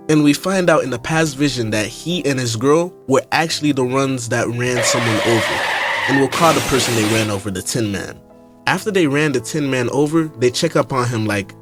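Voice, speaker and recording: Young guy, mid-pitch, slang-heavy comic recap over soft music. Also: brisk. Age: young adult. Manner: slangy, animated, keeps saying bro. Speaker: YouTuber. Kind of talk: comedic movie reaction commentary.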